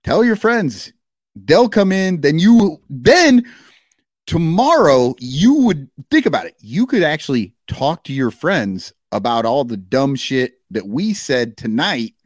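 A man co-hosting a casual podcast, talking in a loose, profane, animated way. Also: on the high side, slow, dry recording, clean studio sound. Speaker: podcast co-host.

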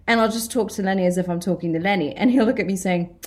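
A woman with a British accent, a guest actress chatting in an interview, animated and quick to laugh as she acts out what people said. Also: medium pitch. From Britain. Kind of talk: casual interview chat.

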